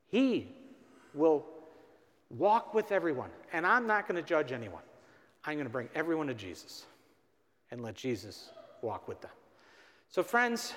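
A man, a priest, giving a storytelling sermon at a parish mission and acting out the dialogue with rising emphasis. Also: high-pitched. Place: large church. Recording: long reverb of a church.

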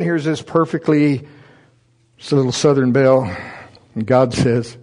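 Animated storytelling male preacher. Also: a little slow, long pauses. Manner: animated, voice jumps high and loud in excited retellings; humorous, laughs through his own stories. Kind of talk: sermon with personal storytelling. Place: church service before a congregation.

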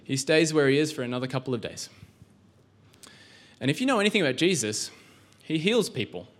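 A man's voice: a little high, big pitch swings, a little fast. A male pastor giving a sermon in a church, conversational, with rhetorical questions and frequent restarts.

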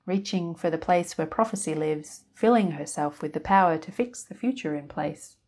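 A woman storyteller narrating a piece of fiction in a calm, even way. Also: sits low.

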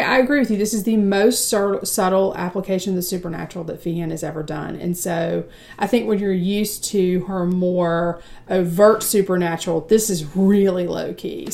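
A woman from the United States co-hosting a casual book chat, talking with lots of fillers and restarts. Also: mid-range voice. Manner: chatty, many fillers and restarts. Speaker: book podcast co-host.

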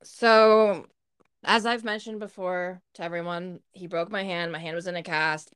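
Smooth-voiced woman telling a blunt story. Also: on the low side, fairly even intonation, moderate pace, a bit bright. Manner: candid, blunt, swears freely. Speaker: podcast co-host. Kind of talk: casual storytelling.

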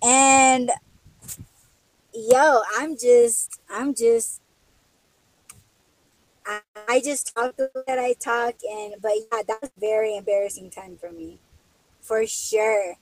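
A woman's voice: on the high side, steady tone, slow, long pauses, no echo, faint music behind, poor audio. A young woman, a podcast host, telling casual stories while driving deliveries, chatty and laughing often with lots of fillers. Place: in a car. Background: faint vehicle noise.

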